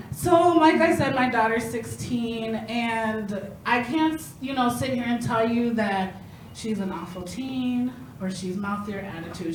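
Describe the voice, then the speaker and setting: A woman in her thirties with a high voice performs a stand-up set, chatty and self-mocking, and she laughs at her own punchlines. The room sounds echoey, with a faint hiss underneath. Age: 30s. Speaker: stand-up comedian.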